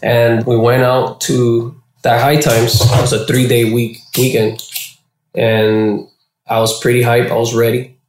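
Podcast guest, male, mid-pitched, casual and excitable storyteller with a lot of swearing, recorded in a reverberant room. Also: a little slow, slight background noise. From Florida. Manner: animated, swearing, acts out quoted voices. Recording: echoey room.

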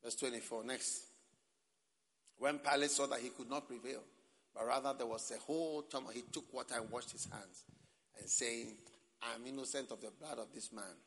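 A man preaching a sermon and reading scripture. He swings between quiet reading and loud, dramatic exclamations. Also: medium pitch, steady tone, moderate pace. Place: large hall at a church camp. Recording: long hall reverb.

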